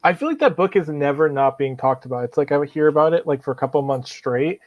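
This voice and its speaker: A man's voice: fairly high pitch, animated, fast. Man, stream guest, casual chat, muffled lo-fi sound. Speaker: livestream guest.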